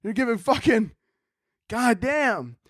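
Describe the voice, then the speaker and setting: A young man hosting a casual solo podcast, telling animated stories with lots of swearing and jokes. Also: extremely high pitch, slow, no room sound, clean studio sound. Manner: animated storytelling, swearing, joking. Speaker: podcast host.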